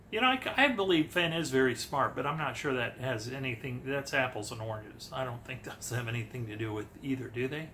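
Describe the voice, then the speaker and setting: A man's voice: medium pitch, lively intonation, fairly quick, hardly any pauses, sharp tone, a little hiss or hum. A man talking through interview clips in a wry, incredulous way, thinking aloud as he puzzles over what he hears. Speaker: treasure-hunt video commentator. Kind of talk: sarcastic commentary on interview clips.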